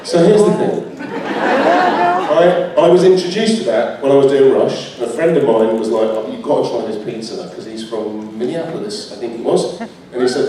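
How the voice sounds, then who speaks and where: A man's voice: mid-range voice, noisy background. A British man, an actor answering fan questions at a convention panel, chatty and laughing often. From United Kingdom. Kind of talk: live panel Q&A. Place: large convention hall. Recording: echoey hall, mic from far.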